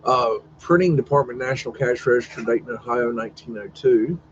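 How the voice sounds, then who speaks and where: Guy rambling on his stream, cussing and wondering out loud, kinda muffled lo-fi sound. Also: medium pitch, fairly quick, a little hiss or hum. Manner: rambling, profane, wondering aloud, teasing his dog. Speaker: live stream host. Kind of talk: casual live-stream commentary on old photos.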